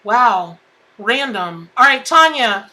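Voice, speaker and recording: A woman's voice: fairly high pitch, expressive, takes it slowly, pushed and bright. A woman hosting a live tarot stream, chatting in a bubbly way and greeting viewers by name. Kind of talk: casual live-stream chat.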